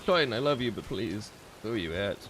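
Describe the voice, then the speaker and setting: A man's voice: lowish voice, animated, a little fast, fairly bright tone, slight background noise. A man streaming a game, talking off the cuff in a rambling, profane way and getting easily exasperated. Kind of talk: off-the-cuff gaming commentary.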